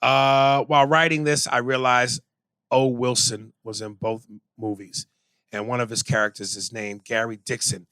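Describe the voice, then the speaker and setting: A man's voice: mid-range voice, little pitch movement, normal speed, pushed and bright, smooth, no echo. A man co-hosting a podcast in casual banter, bluntly reading out listener messages and judging them. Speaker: podcast co-host.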